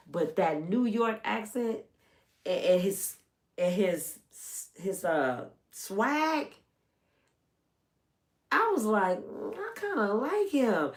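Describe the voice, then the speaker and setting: A woman's voice: on the low side, a bit bright. A middle-aged woman from the United States chatting casually and teasingly as a channel host, drawling and chatty. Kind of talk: casual gossip commentary.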